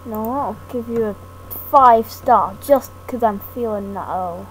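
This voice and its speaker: A gaming YouTuber rambles through thanks over gameplay, slow and hesitant, poking fun at herself and restarting often. Her voice is a little high, and the home mic recording is noisy.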